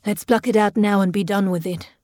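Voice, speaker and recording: Woman playing a jovial drunk man, slurring, pushy, higher and louder than her usual reading. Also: steady tone, fairly quick, dry recording, clean studio sound, natural voice. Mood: boisterous. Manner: slurred, boisterous teasing. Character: drunk, jovial, overbearing middle-aged man.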